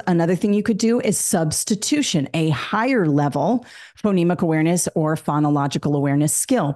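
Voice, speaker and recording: A woman with a slightly low voice gives a test prep lesson. She explains each point step by step and acts out the prompts a teacher would give a class. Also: darkish tone.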